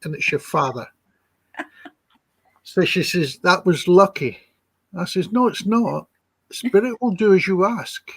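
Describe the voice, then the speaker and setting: A slightly high, husky male voice, recounting personal stories to an interviewer. He is chatty and acts out each quoted line of dialogue, and the sound is close and dry. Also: no room sound. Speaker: psychic healer guest. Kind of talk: anecdotal storytelling in an interview.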